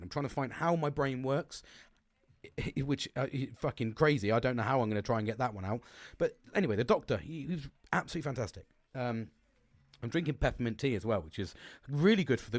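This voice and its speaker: A man's voice: mid-range voice, lively intonation, brisk, dry recording. A young man, talking in a rambling, sweary, casual monologue full of restarts. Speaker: podcast host.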